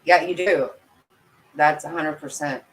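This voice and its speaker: This woman hosts a commentary channel and speaks in a low, unhurried voice during a casual livestream. Chatty and giggly, she laughs often and makes self-deprecating jokes with her viewers, all captured on a low-quality recording.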